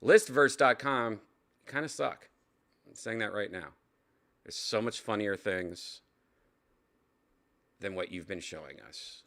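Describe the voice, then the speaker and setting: A man hosting a casual reaction video, cursing, laughing and shouting in exasperation at what he watches. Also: on the low side, takes it slowly, pauses often. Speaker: host reacting to a video list.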